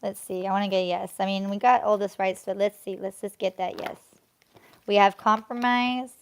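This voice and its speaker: A young woman streaming a live tarot reading, talking casually as she shuffles and draws cards. Her pitch sits in the middle of a woman's range, and she stretches words out between bursts of excitement. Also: clear, resonant tone. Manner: chatty, drawn-out, breaks into excited squeals. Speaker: tarot card reader.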